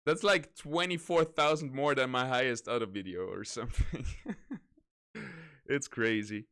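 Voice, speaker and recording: A male game streamer chats casually to his viewers in a relaxed, rambling way, often correcting himself mid-sentence. His voice sits in a middle pitch and sounds smooth and clear. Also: unhurried.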